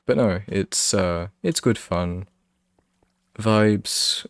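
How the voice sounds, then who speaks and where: A man's voice: lowish voice, extremely slow, no echo, studio quality. A young man with a British accent, a streamer chatting casually and rambling with his viewers. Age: young adult. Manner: rambling, self-interrupting, laughs often.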